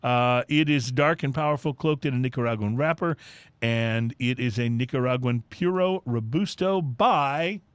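A man's voice: mid-range voice, normal speed, clear, resonant tone, no echo. A man co-hosting a casual talk show, reading through a cigar list with lots of fillers and easy enthusiasm. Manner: easygoing, filler-heavy, enthusiastic. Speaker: podcast co-host.

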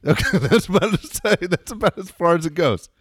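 A man's voice: high voice, lively intonation, a little fast, a bit bright, breathy edge, no room sound, studio quality. A man co-hosting a podcast in crude casual chat, swearing, laughing and telling stories, on cold medicine. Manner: profane, laughing, storytelling. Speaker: podcast co-host.

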